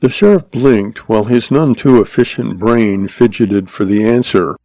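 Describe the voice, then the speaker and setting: A man narrating a western novel as an audiobook, in a steady, measured reading. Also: lowish voice, dry recording.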